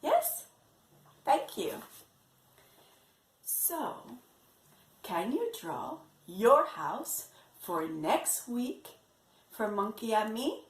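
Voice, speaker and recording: A woman teaching English to young children in an online lesson, slowly repeating words for them to copy. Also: on the high side, big pitch swings, background noise. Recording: echoey room.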